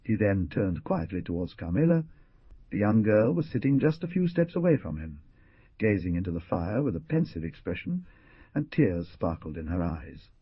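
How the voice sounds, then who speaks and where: A low, husky male voice narrates an old western adventure, his pitch swinging widely as he tells the story. The recording is close and dry, with a dull, muffled top end. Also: very animated, moderate pace, no room sound. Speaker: audiobook narrator. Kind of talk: scripted narration.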